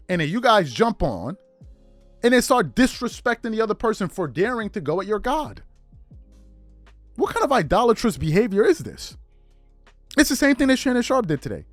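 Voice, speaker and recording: A man's voice: high voice, no room sound. A man hosting a podcast, riffing through incredulous rhetorical questions in casual commentary. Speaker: podcast host.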